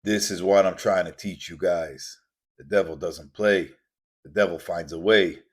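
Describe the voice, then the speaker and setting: His voice sits low, with fairly even intonation and an unhurried delivery. As host of a podcast, he gives a repetitive, intense, preachy motivational talk, dramatizing the quoted voices.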